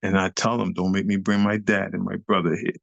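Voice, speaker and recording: A man's voice: sits low, little pitch movement, a little fast, gravelly, no room sound, muffled recording. A middle-aged man, a guest on an interview show, telling a story animatedly, swearing freely in street slang and acting out scenes with beats and sound effects.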